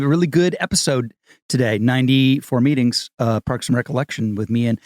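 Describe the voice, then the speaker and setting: A man's voice: medium pitch, moderate pace, darkish tone, dry recording. A man co-hosting a podcast in casual chat, gushing with exclamatory enthusiasm. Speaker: podcast co-host.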